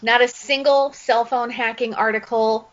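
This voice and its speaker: A woman's voice: on the high side, normal speed. Laughing, chatty woman telling a story. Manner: animated storytelling with frequent laughs. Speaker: podcast co-host. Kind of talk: casual chat. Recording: dull lo-fi audio.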